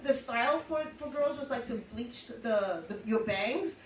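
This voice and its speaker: Middle-aged New woman, high and animated, live storyteller heard from a distance in an echoey room. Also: moderate pace, slight background noise. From New York. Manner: animated, laughing often, blunt and salty. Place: live show venue. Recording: roomy echo, mic at a distance.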